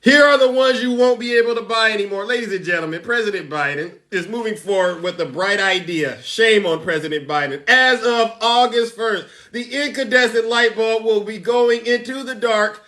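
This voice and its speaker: A man's voice: sits high, moderate pace, few pauses, pushed and bright. A man hosting a livestream, giving sarcastic political commentary with theatrical mock outrage and chats to viewers. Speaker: livestream host.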